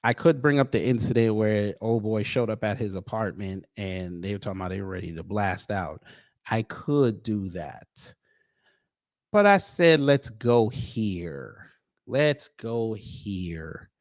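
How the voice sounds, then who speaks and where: A man hosting a casual commentary stream in an animated way, greeting viewers by name, recorded close and dry. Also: lowish voice, moderate pace, no echo. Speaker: YouTube commentary host.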